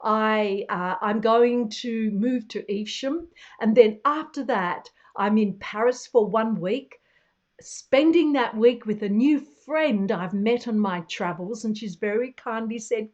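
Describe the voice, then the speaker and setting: A woman in her sixties, a travel vlogger chatting to camera in a chatty, animated way and laughing often. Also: fairly high pitch, slow, lo-fi sound. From Australia. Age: 60s. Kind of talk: casual chat to camera.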